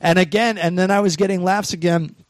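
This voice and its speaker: A man's voice: sits high, a little fast, no room sound. A comedian telling casual stories about his gigs, swearing a lot and acting out the voices of people he quotes. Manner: animated, swearing, acts out quotes. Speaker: stand-up comedian on a podcast. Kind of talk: casual chat, storytelling.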